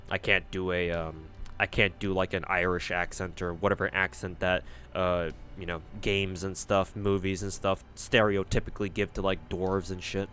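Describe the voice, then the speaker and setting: A man's voice: low voice, level tone, normal speed, few pauses, fairly bright tone, clean tone, soft background music. A male streamer, casual and rambling, joking about his own voice acting while reading a game aloud. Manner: rambling, self-mocking.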